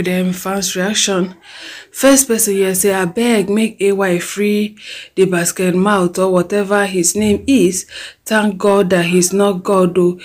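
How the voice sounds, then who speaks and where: A woman with a Nigerian accent, chatting about celebrity gossip and reading fan comments aloud with lively exclamations. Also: mid-range voice.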